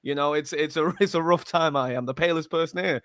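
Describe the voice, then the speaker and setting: A man's voice: fairly high pitch, fairly quick, fairly bright tone, no room sound, studio quality. A man joining a casual fan panel over a video call, laid-back and joking at his own expense. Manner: laid-back, self-mocking banter. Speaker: panel guest.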